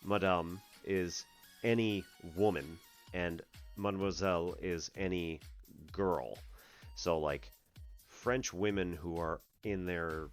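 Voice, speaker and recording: A man from the US Northeast hosting a math stream, chatting casually, laughing often and clearing his throat. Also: low-pitched, fairly even intonation, slow pace, faint music behind. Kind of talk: casual livestream chat.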